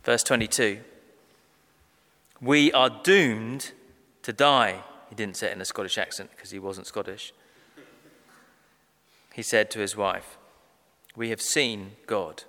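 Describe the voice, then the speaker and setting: Guy preaching, emphatic, leans on key words, bright voice. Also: on the low side, steady tone. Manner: measured, emphatic, slows down on key phrases. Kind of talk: sermon. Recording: long reverb of a large hall.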